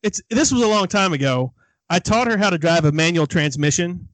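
A man co-hosting a casual chat, wry and quick to laugh. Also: sits high, a bit bright, no echo, poor audio. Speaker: co-host.

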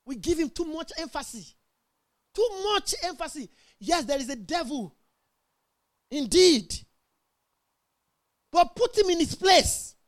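High-pitched woman preaching. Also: expressive, takes it slowly, pauses often. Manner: emphatic, call-and-response with congregation. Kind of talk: sermon.

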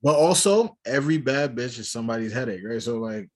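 A man from a West Indian family co-hosts a casual podcast chat, speaking briskly in an expressive, mid-range voice. His banter is loose and slangy, with frequent joking and laughing.

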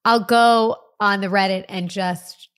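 A woman co-hosting a podcast in casual chat, animated and quick to laugh. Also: mid-range voice. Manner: animated, laughs often, breaks into playful impressions. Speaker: podcast co-host.

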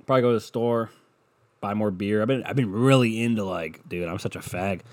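Profane rambling man, lowish voice. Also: fairly quick. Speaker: podcast host. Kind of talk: casual solo podcast rant. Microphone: computer mic at desk, browsing online maps.

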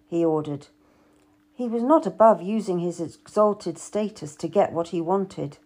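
A woman's voice: lowish voice, a little slow, a little mellow. A woman narrating a historical novel in the first person, reading expressively. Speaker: audiobook narrator.

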